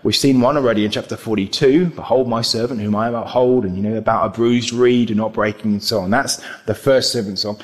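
A man's voice: fairly low pitch, steady tone, fairly quick, few pauses. A man preaching a sermon in an earnest manner, building his points into rhetorical questions.

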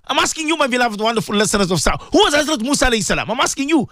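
A man delivers an impassioned religious radio talk in a high voice that leaps up and down. He preaches fervently, repeats his points and calls out to his listeners again and again. The sound is dry, with no room echo. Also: big pitch swings, racing, hardly any pauses, bright, forceful tone. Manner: fervent, repetitive, preachy, addresses listeners directly. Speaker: Islamic radio presenter and maulana.

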